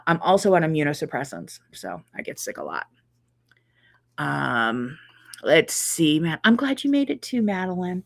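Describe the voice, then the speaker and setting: A middle-aged woman hosting a casual live chat, reading viewer comments and reacting warmly and chattily. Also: sits low. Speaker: quilting channel host.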